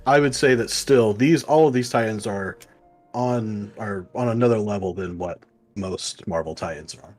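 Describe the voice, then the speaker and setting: Faint music sits behind a man with a lowish, unhurried, somewhat mellow voice. Co-hosting a laid-back comic book review show, he rambles, leans on lots of fillers, and performs the lines he quotes.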